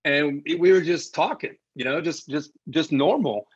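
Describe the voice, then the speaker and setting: Man, husky voice, slightly high, animated storyteller, casual interview guest. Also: normal speed, dry recording, muffled recording. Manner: animated anecdote-teller, acts out quotes. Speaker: sports broadcaster guest.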